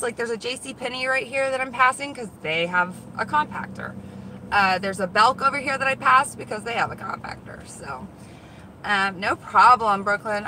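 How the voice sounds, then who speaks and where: A woman hosting a casual live-stream vlog, chatty and excitable, talking straight to her viewers from outdoors and from her car. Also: fairly high pitch, poor audio. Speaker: vlog host, dumpster diver. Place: outdoors around store lots and in a car. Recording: loud car and outdoor noise.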